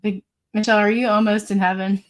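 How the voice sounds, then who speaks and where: A woman's voice: mid-range voice, little pitch movement, quick pace. A woman hosting a casual live stream, reading viewer comments aloud in a chatty, rambling way and laughing often. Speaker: livestream host.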